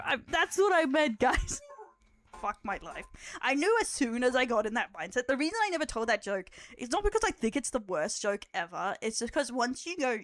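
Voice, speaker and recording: A woman's voice: on the high side, fairly bright tone. A young Australian woman streaming live, chatting casually with her viewers, laughing often and swearing as she teases.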